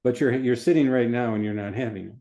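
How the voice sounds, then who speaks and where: A man, a physician, explaining his methods in an interview in a calm, methodical way, often repeating phrases. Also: medium pitch, fast talker.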